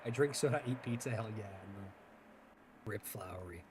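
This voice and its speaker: A man's voice: mid-range voice, fast, very noisy. A man streaming a game live, reacting emotionally and thanking his chat. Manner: emotional, excitable, addresses chat. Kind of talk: live gaming commentary. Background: loud game music.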